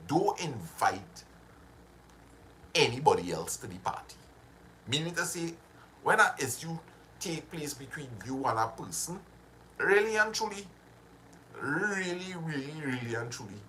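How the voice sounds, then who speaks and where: A man's voice: mid-range voice, slight background noise. A man hosting a casual motivational live stream. He repeats himself and breaks off to greet his viewers. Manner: animated, repetitive, drifts into greeting viewers.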